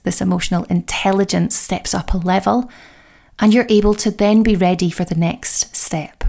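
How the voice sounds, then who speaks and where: A woman hosting a self-help podcast, talking the listener through exercises with slow, deliberate, encouraging affirmations. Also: medium pitch, creaky, dark tone. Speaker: podcast host and coach.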